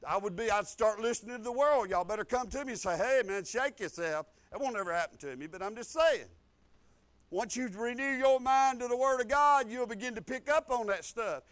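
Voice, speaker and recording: A man, preaching a folksy sermon that repeats phrases and builds to loud declarations. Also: very high-pitched, expressive, brisk. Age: 50s.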